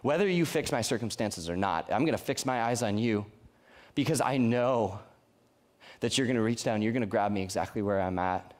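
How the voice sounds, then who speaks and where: A man's voice: on the low side, fairly quick. Earnest young man preaching to a youth group. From Colorado. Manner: earnest, conversational preaching with frequent restarts. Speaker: youth pastor. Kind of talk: sermon. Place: church youth service.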